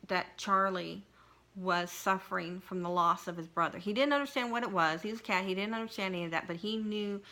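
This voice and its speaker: A middle-aged woman vlogger telling a personal story in an emotional, halting way, with frequent restarts and pauses. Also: mid-range voice, steady tone, sharp tone. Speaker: craft vlogger.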